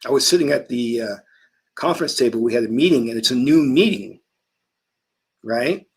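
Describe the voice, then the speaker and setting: A man's voice: mid-range voice, animated, normal speed, slightly rough. A man hosting a casual talk stream, telling stories in an emphatic way. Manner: emphatic storytelling. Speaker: host.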